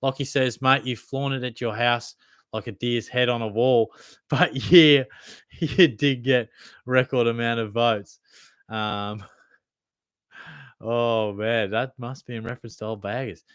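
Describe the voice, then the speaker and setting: A man's voice: mid-range voice, steady tone, takes it slowly, fairly bright tone, smooth, no room sound, clean studio sound. A young Australian man hosting a casual livestream Q&A, reading out chat questions in a laid-back, blokey way, calling everyone mate and swearing freely. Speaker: fantasy football livestream host.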